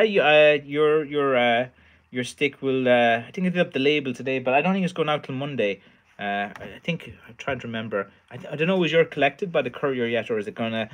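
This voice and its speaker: A man's voice: mid-range voice, fairly bright tone. Tired rambling man on a livestream. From Ireland. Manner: rambling, many fillers and restarts, reads out chat. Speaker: livestream host, stick maker. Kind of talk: casual livestream chat.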